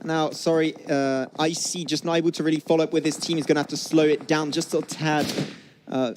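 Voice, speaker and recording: A man calling live play-by-play commentary for an esports match, getting excitable on big plays. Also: fairly high pitch, brisk, very noisy.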